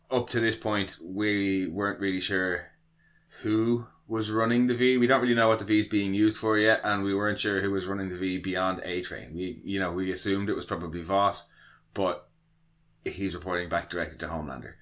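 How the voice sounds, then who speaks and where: A man's voice: deep voice, fairly even intonation, normal speed, a bit bright. A man co-hosting a casual podcast, joking and laughing as he reads from his notes. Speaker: podcast co-host. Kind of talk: casual chat.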